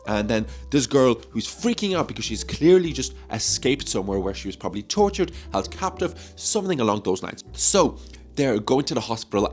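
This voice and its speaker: A man chatting casually in a movie vlog, joking and swearing freely, recorded on a phone mic. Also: mid-range voice. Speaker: movie review vlogger.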